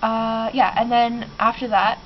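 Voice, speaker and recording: A woman's voice: fairly high pitch, little pitch movement, unhurried. A teenage girl who is sick, rambling and giggling through a casual vlog from her bedroom, with many ums. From Canada. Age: teens. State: sick, clearing her throat. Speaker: vlogger. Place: bedroom in a basement. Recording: muffled lo-fi with clear background noise.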